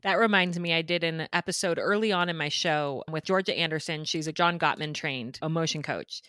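A woman's voice: low-pitched, fairly quick, a bit bright, no echo, clean studio sound. A woman hosting a podcast, telling a parenting story with light laughs. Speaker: podcast host. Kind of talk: podcast conversation.

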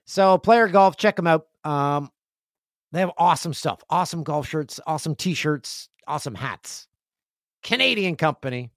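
Podcast host, male, chatty and joking, lively higher voice. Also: normal speed, no echo, studio quality. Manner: chatty, jokey, acts out friends in loud high voices. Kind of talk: casual solo podcast chat. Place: home studio with stairs nearby.

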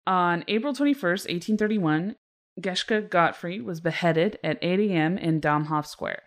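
A woman's voice: fairly low pitch, normal speed. A woman co-hosting a casual true-crime podcast, reading case notes and breaking into laughter. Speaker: podcast co-host.

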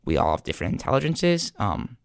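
Young man, flustered, pleading, defensive, very animated. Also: medium pitch, brisk, vocal fry, clean tone, dry recording. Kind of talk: improvised comedy scene.

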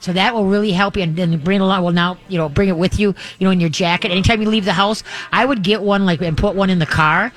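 Man, radio host, dog advice, high voice, rambling and folksy, live remote broadcast. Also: fairly even intonation, fast talker, hardly any pauses, a bit bright. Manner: rambling, folksy, many restarts.

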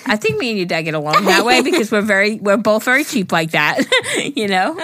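A woman's voice: mid-range voice, brisk, dry recording, studio quality. A woman co-hosting a podcast, chatting casually and acting out quotes as she tells stories, swearing freely. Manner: animated storyteller, swears freely, acts out quotes. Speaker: podcast co-host. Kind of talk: casual chat.

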